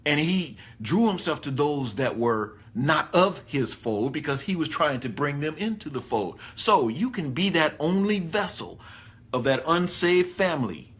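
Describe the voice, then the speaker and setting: A man preaching a conversational sermon, animated and folksy. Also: on the high side, a little slow. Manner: animated, folksy, rising excitedly on key points. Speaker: pastor.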